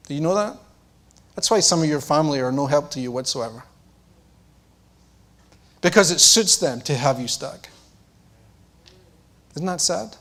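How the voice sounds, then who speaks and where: A man preaching a sermon, who acts out the lines of the characters and drops to a low, intense voice to press a point. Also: normal speed, pauses often.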